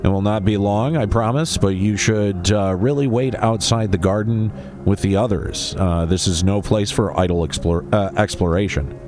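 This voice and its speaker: A man's voice: fairly low pitch, moderate pace, close to an everyday voice. A man reading out a polite fantasy game figure. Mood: earnest. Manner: reads game dialogue aloud with stumbles. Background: game music.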